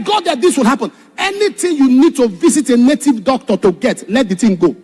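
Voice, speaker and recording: A pastor preaches in a high, husky voice that swoops widely up and down. He tells his testimony with dramatic force, shouting some points and sinking low on others. Faint music plays behind him. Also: lively intonation, brisk, hardly any pauses. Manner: dramatic, shouts for emphasis then drops low. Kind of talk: sermon with personal testimony.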